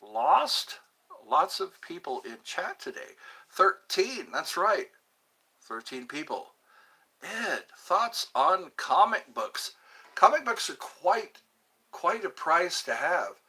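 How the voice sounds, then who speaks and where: Livestream host, man, lively sing-song delivery, unhurried, trips over his words. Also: sits high, breathy edge. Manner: chatty, animated, stumbles and repeats words. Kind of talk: casual live-stream chat reading viewer comments.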